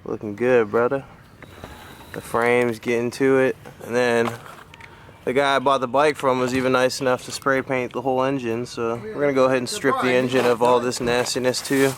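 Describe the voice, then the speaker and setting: A man's voice: medium pitch, level tone, moderate pace. A man chatting casually in a slangy, laid-back way as he narrates a vlog from his garage workshop. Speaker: motorcycle vlogger.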